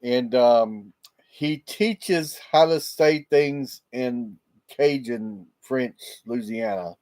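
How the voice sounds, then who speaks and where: A man's voice: mid-range voice, very slow, a little mellow. Guy on a laptop mic, rambly live chat with viewers, laughs a lot. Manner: rambling, chatty, laughs often. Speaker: livestream host. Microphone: laptop microphone.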